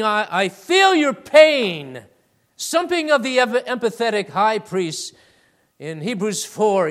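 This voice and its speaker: A man preaching a sermon to his congregation, calling them beloved and swinging between loud emphatic peaks and hushed, low asides.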